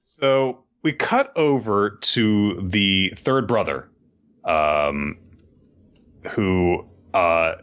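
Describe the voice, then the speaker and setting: A man recapping manga chapters in a casual podcast chat, laughing often and sometimes breaking into squeaky character voices. He talks slowly, and his pitch swings widely in a bright voice. The recording sounds dull and lo-fi. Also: lively intonation, clean tone. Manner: acts out quoted lines in squeaky voices, laughs often, swears. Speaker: podcast co-host.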